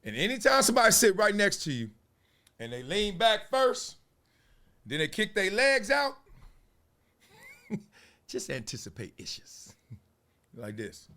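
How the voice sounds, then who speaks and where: This Los Angeles show host has a high-sitting voice, a slightly slow pace, and long pauses. He tells his story in casual street slang, animatedly playing out scenes and laughing.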